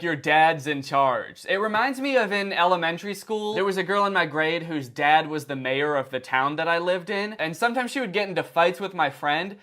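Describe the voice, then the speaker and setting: A man's voice: high voice, fairly bright tone. A young man giving sarcastic, rambling comedic commentary on videos. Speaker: commentary youtuber.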